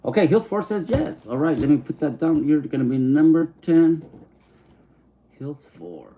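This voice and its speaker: A man's voice: fairly high pitch, lively intonation, mellow. A man chatting casually on a livestream, reading viewer comments and mixing English and Spanish slang. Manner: easygoing, mixes English and Spanish slang, sounds out names slowly.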